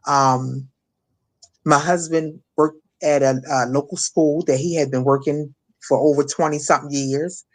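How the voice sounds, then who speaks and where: Speaking in a low voice with fairly even intonation, a middle-aged woman from Maryland, USA, appears as an interview guest. Her emotional testimony about a painful personal experience comes out haltingly, full of restarts and fillers.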